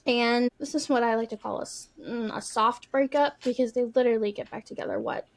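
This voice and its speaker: A woman co-hosting a book podcast, reading passages aloud and then chatting about them in a loose, casual way. Her voice sits a little higher than most and she stumbles now and then on restarts. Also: brisk. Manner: casual, with fillers and restarts between read passages. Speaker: podcast co-host.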